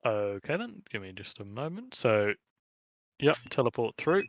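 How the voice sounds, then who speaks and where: A man running a tabletop game as game master, narrating in a relaxed, chatty way with many fillers. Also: medium pitch, a little slow, dry recording, highs cut off.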